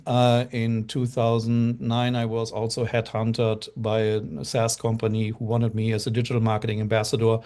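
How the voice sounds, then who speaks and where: Middle-aged german guy, german accent, rambling and earnest, mid-pitched voice. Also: level tone, moderate pace, dark tone. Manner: earnest, rambling with many fillers. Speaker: guest. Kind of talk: casual storytelling on a live show.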